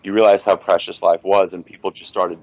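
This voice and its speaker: Deep-voiced male podcast guest, reflective storyteller; dull lo-fi recording. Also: level tone, brisk, a little mellow. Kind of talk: casual podcast chat.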